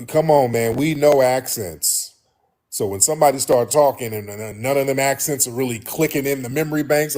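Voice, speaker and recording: An American man hosts casual commentary, speaking straight to his viewers and repeatedly calling them family. He's emphatic and repeats himself, his middle-pitched voice swinging up high at times. He talks a little fast with a darkish tone.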